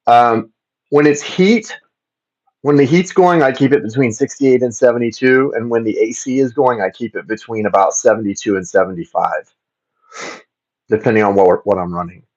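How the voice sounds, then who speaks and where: A chatty man from Florida hosts a casual livestream from his home. He rambles along at a middling pitch, restarts and repeats his words, and calls out to viewers by name. The sound is a little dull, like plain livestream audio. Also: normal speed, darkish tone. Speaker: tarot reader hosting a livestream. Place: home, indoors.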